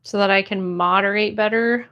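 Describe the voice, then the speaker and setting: A young woman chatting casually on a live stream, reading chat aloud and greeting viewers with bright, bubbly hellos. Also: mid-range voice, fairly even intonation, normal speed, faint music behind.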